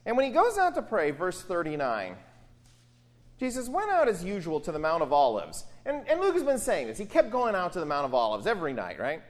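A woman's voice: on the low side, huge pitch swings, fairly quick. A woman preaching a sermon on a gospel passage, speaking expressively with rhetorical questions and emphatic asides.

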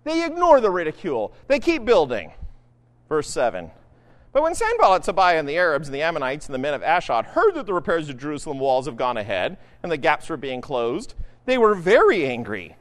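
In a big-sounding room, a pastor preaches a little fast, his slightly high voice swooping wildly in pitch. He keeps the sermon conversational, constantly asking his listeners "right?"

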